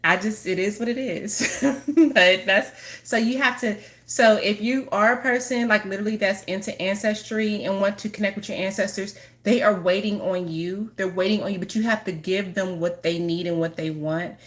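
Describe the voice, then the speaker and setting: A woman's voice: mid-range voice, fairly even intonation, moderate pace, a bit bright. A woman spiritual healer talking casually to her viewers, rambling, restarting sentences and laughing often. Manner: apologetic giggling asides. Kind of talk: casual chat to camera.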